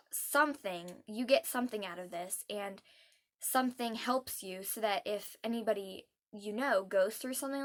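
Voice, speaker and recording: A young adult woman vlogging heartfelt advice, earnest and soft-spoken, pausing often with hesitant ums. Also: medium pitch.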